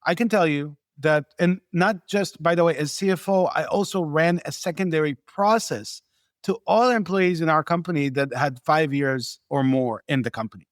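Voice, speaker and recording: A man's voice: on the high side, normal speed, dry recording, clean studio sound. A man speaking as a guest on a podcast, telling of his own experience in an emphatic, persuasive way. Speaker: venture capital investor, podcast guest. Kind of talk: casual podcast conversation.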